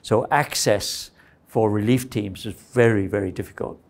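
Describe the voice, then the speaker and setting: A man's voice: on the low side, normal speed. A middle-aged man giving a university lecture in a conversational way, often checking in with his listeners by asking "right?" and "okay?".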